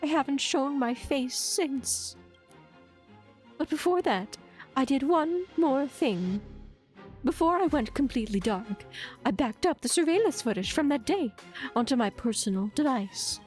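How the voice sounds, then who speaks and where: A woman's voice: high-pitched, animated, measured pace, darkish tone, soft background music, pitched above the performer's own voice. A woman doing a jittery informant in hiding. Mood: anxious. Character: nervous young informant hiding in fear.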